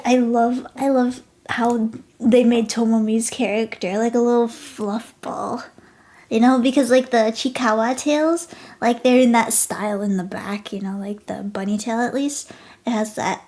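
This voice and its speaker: A young woman streaming live, chatting casually and gushing, often dropping into soft whispers. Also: a little high, steady tone, a little slow.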